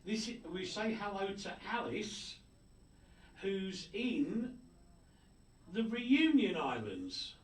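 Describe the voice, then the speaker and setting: Jokey man hosting with lively pitch. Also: takes it slowly, pauses often. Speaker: radio show host. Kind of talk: casual on-air chat, reading listener messages. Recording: roomy, distant mic with faint noise.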